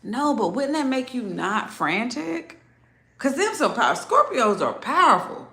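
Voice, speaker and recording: A woman giving a casual zodiac reading, chatty and animated, laughing often. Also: on the high side, a little slow, reverberant. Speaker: tarot reader.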